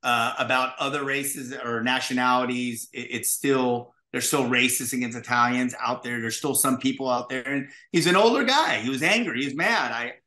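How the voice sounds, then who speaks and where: A man who is a guest on an interview show, telling stories in an animated, profane way and acting out the dialogue. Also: medium pitch, normal speed, few pauses, reverberant. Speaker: guest, pizza restaurateur. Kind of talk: casual interview storytelling.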